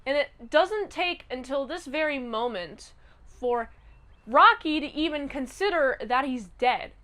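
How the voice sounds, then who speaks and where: High-voiced woman recapping casually. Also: a little slow. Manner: animated, chatty, with sound effects. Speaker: channel host reviewing a TV episode.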